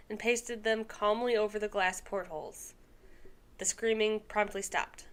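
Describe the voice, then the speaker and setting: A woman's voice: mid-range voice, fairly bright tone. Woman reading aloud on a podcast. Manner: reads aloud with asides and stumbles. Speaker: podcast co-host. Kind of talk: casual podcast chat, reading a story aloud.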